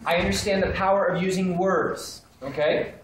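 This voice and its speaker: An animated man runs a live training session, throwing questions at the room and acting out phone calls. His voice bounces around a very reverberant hall, with faint background ambience underneath. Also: high voice, moderate pace, slight background noise. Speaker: sales trainer. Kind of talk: live seminar teaching. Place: seminar room with a live audience.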